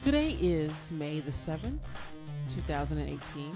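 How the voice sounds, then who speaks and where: A woman's voice: low-pitched, big pitch swings, normal speed, over loud music. A woman from co-hosting a casual podcast, wry and self-deprecating as she chats. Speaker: podcast co-host. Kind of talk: casual chat.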